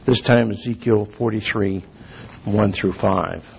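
Man, low gravelly voice, sermon, measured scripture reading, dull lo-fi recording. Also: fairly even intonation. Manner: measured, reads scripture slowly, clears throat often. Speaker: lay preacher.

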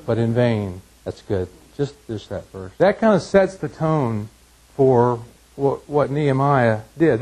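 Husky man teaching a Bible class. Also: fairly high pitch, darkish tone, rough recording. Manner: measured, frequent restarts and fillers.

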